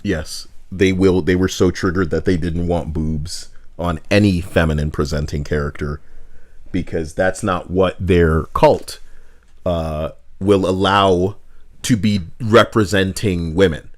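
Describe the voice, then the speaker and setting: A man's voice: deep voice, a little slow. A man streaming, ranting in a profane, sarcastic way about gaming news, often slipping into mocking voices. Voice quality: animated, swings between mock voices and mutters. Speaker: streamer reacting to posts.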